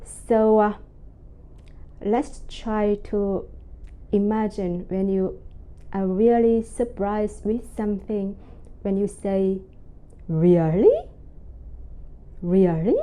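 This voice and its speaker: A woman teaching a pronunciation lesson, speaking slowly and carefully and drawing out her example syllables. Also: medium pitch, level tone, warm tone. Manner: slow, careful enunciation with drawn-out example syllables. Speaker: language teacher. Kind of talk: slow, deliberate pronunciation lesson.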